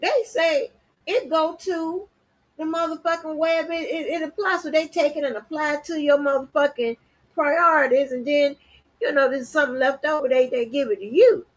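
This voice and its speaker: A woman's voice: high voice, normal speed. A woman hosting a livestream, talking bluntly and defiantly with heavy profanity and repeated words. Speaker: channel host. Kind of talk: livestream rant.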